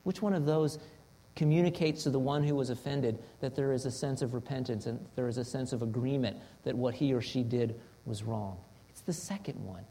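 A man's voice: mid-range voice, a little fast, dark tone, a little hiss or hum. A man preaching a sermon in an earnest manner, asking rhetorical questions and acting out example confessions. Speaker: pastor.

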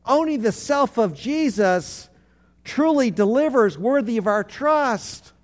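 A man's voice: very high-pitched, lively intonation, takes it slowly. A man, a pastor, preaching a sermon, leading his congregation to repeat phrases back, with earnest, repetitive emphasis.

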